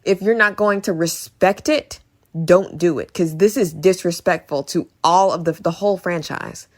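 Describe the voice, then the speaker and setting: A woman's voice: fairly low pitch, normal speed. A woman giving a casual, sarcastic movie review, ranting and repeating herself for emphasis.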